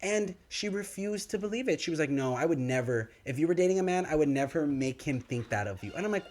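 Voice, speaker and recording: A young man spins a story on a podcast in easy, casual chat. His fairly high voice swings widely, leaping up whenever he plays out what someone said. He sounds like a studio co-host mid-anecdote. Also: fast, a little hiss or hum. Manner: animated, acts out quoted dialogue with big pitch swings.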